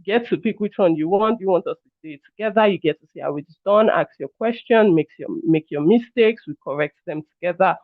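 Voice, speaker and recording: A high-voiced man runs a live online workshop, talking casually and apologizing as he checks in with his audience. His voice comes through a narrow, phone-like video call line. The sound is dry, with no room echo. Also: brisk, hardly any pauses. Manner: chatty, repeatedly addresses listeners as "guys". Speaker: workshop trainer. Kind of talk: live online training session.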